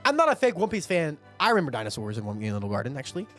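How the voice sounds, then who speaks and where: A man reacts to a comic in casual, profane commentary. His pitch swings widely as he talks, and faint music plays underneath. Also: rapid-fire. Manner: animated, swearing, laughing asides. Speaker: manga reaction host.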